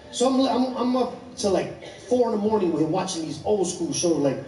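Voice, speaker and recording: A Chicago man in his thirties tells rambling, animated, profane stand-up stories at a brisk clip. His voice is high for a man, and he's picked up from a distance in an echoey comedy club.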